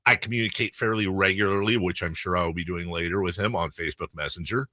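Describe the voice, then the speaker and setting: A man's voice: low voice, fast, no room sound, clean studio sound. A man hosting a sports talk radio show in casual on-air chat, rambling and interrupting himself as he goes. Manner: rambling, self-interrupting, animated. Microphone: studio microphone.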